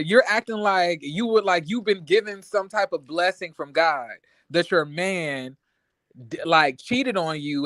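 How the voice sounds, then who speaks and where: A man's voice: high-pitched, a bit bright, dry recording. A man in casual reality TV recap chat, blunt and profane, acting out scenes as he rants. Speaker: co-host.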